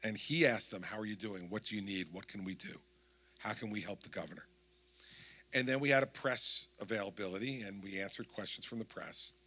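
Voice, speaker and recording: A man's voice: on the low side, fairly quick, sharp tone. A man in his sixties with a New Jersey accent, telling a story at a campaign town hall and acting out the dialogue. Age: 60s. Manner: storytelling, acts out quoted dialogue. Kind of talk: anecdotal campaign speech.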